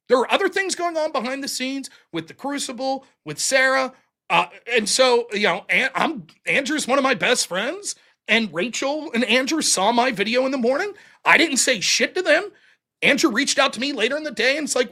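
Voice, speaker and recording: A man with a strikingly high, bright voice talks as a guest on a casual show. He tells his side in a blunt, profane, animated way. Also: a little fast. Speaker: guest streamer and debater. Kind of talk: casual podcast conversation.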